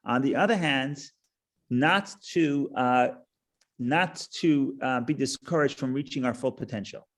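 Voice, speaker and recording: A man's voice: medium pitch, a little slow. A middle-aged man teaching a Torah class in a casual, conversational way, restarting phrases and telling a joke. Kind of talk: casual lecture with stories and a joke.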